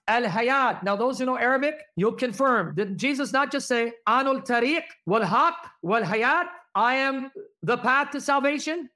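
A man's voice: very high voice, sharp tone. A man teaching Christian apologetics, reading verses aloud and pressing the audience with rhetorical questions.

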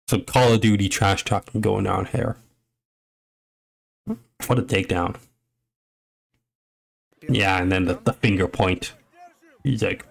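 A man's voice: on the low side, a little slow, gravelly, long pauses. A young man giving a casual play-by-play reaction, rambling and joking with frequent exclamations. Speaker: reaction commentator.

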